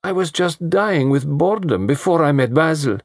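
A bored, glamorous young woman, as a male reader puts her on, drawling slowly and lazily through a husky voice. The voice sits high for him, and the recording is close and dry. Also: expressive, no echo. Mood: languid. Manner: lazy drawl, slow and teasing. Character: bored, languid young American woman vamp.

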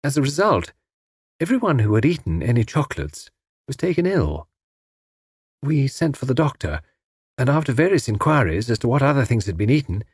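Casting note: male reader as an earnest, hesitant young lady client, lively inflection, dry sound. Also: medium pitch, breathy edge, no echo, voice pushed up. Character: nervous, earnest young country woman. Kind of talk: audiobook character voice.

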